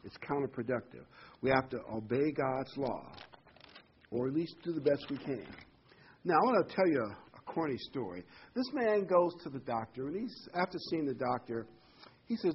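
A man's voice: medium pitch, big pitch swings, normal speed, highs cut off, a little hiss or hum. A man preaching a folksy, rambling sermon full of homely examples and corny jokes.

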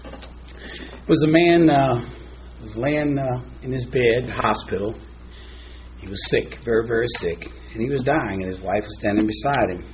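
Male preacher, lively storyteller, slightly muffled recording with light background noise. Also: measured pace. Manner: animated storyteller, voices soft and low for quoted lines. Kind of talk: sermon with storytelling. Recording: slightly dull with faint noise.

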